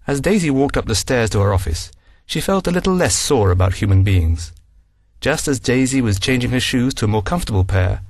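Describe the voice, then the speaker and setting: A man's voice: lowish voice, no echo, studio quality. A man narrating a scripted story and announcing numbered sections. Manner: reads numbered sections aloud.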